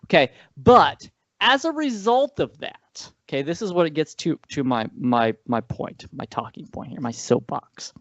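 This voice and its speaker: A man chatting on a movie podcast, rambling from point to point and catching himself mid-sentence. His pitch swings widely as he talks. The sound is dry and a little dull, lo-fi. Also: unhurried, no echo. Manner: rambling, animated, frequent self-corrections and laughs. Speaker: podcast co-host. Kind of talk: casual movie-review chat.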